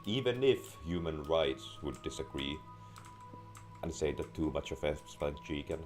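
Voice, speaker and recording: A young man with a sore throat and a deep, raspy voice, giving deadpan gameplay commentary. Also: unhurried. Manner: deadpan, crude jokes. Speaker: gamer. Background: faint game music and keyboard typing.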